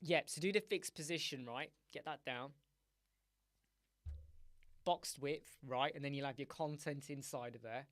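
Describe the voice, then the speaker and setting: A man's voice: on the high side, measured pace, pauses often, fairly bright tone, dry recording, clean studio sound. A man hosting a live web design stream, joking and rambling playfully to his chat viewers.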